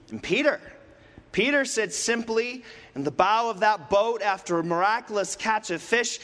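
A middle-aged male pastor preaching a sermon, dramatic, with rhetorical questions and pauses. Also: sits high, fairly bright tone. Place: church sanctuary. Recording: long reverb of a church hall.

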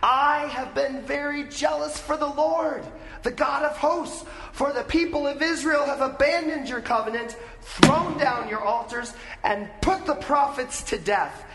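A man's voice: high voice, very animated, normal speed, in a large hall, music in the background. A preacher acting out a distraught male prophet who blubbers and complains in self-pity. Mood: tearful.

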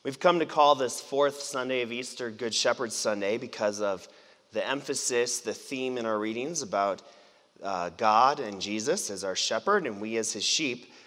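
A man's voice: medium pitch, moderate pace, a bit bright. A man preaching a sermon as pastor, conversational and playful, drawing the congregation in. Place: church sanctuary. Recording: long church reverb.

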